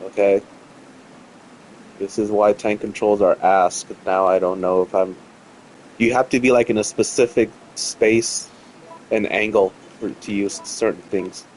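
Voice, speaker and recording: Low-voiced rambling gamer man. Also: level tone, unhurried, slight background noise. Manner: rambling, repeats himself, swears freely. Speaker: gaming streamer. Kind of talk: casual let's-play commentary.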